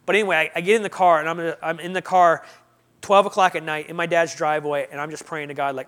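A man's voice: on the high side, fast talker. A young man from the United States telling his personal testimony, acting out conversations as he goes. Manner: animated, acts out his own and others' lines in dialogue. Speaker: speaker sharing a testimony.

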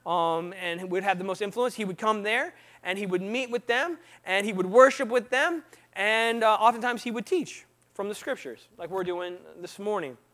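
A man with a high, light voice delivers a relaxed sermon to a congregation. He keeps the tone conversational, checking in with his listeners and asking them to fill in the words. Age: not young. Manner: lively, quizzes the audience with frequent "right?" and "what?". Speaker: preacher.

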